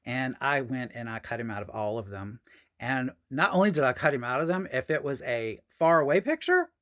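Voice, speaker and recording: A woman's voice: a bass voice, expressive, fairly quick, fairly bright tone. A woman telling a personal story on a podcast, frank and profane, with sassy asides.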